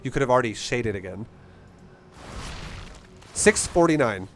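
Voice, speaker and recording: A man's voice: mid-range voice, lively intonation, measured pace, fairly bright tone, faint music behind. A man coaching a player through a game replay in a casual, blunt, profane and passionate way. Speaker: StarCraft coach.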